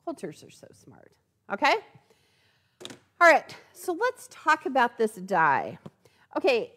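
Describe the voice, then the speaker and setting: A woman giving a chatty live product demonstration in a sewing store, often checking in with "okay?". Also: mid-range voice. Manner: chatty, animated, tags lines with "okay?".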